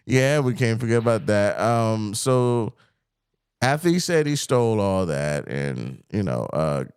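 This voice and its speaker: A man's voice: lowish voice, takes it slowly, clean tone, no echo, clean studio sound. A man co-hosting a podcast, arguing heatedly and profanely in casual chat, acting out quotes as he goes. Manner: heated, animated, profane, reads quotes in mock voices. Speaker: podcast co-host.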